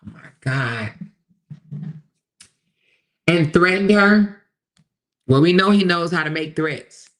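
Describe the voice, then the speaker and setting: A woman hosting a casual livestream commentary, animated and exclamatory, talking straight to her viewers and reading their comments aloud. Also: on the low side, takes it slowly, pauses often.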